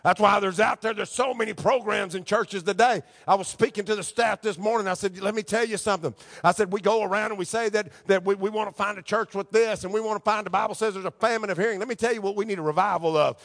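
A man preaching a sermon as pastor, quoting scripture and building to loud, raspy shouts. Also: high voice, fairly even intonation, fast talker, hardly any pauses, long reverb tail. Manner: preaching with rising shouts and Bible quotes.

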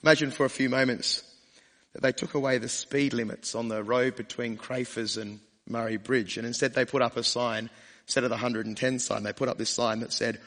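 A man's voice: medium pitch, moderate pace, fairly bright tone, in a large hall. A male pastor preaching a sermon in church, speaking conversationally and asking the congregation rhetorical questions.

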